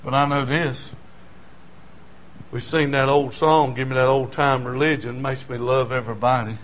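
A middle-aged man, preaching a folksy testimony sermon that swings from quiet asides to shouting. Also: mid-range voice, steady tone, moderate pace.

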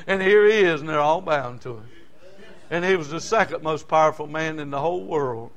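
A man, preaching a folksy, animated sermon. His voice sits high and sounds bright and forceful. He slips homespun asides in between the scripture stories. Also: brisk. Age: 60s.

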